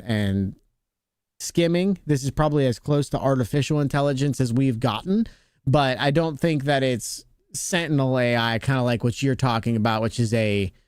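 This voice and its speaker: A man's voice: medium pitch, clean tone, dry recording, studio quality. A man streaming live, chatting casually with his viewers, rambling and restarting his sentences as he reads the chat.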